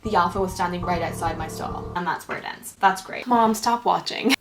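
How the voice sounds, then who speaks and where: A woman's voice: lowish voice, fairly quick, over music. A young woman who reads fan fiction aloud, mocking it with sarcastic asides and breaking into laughter often. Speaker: YouTuber.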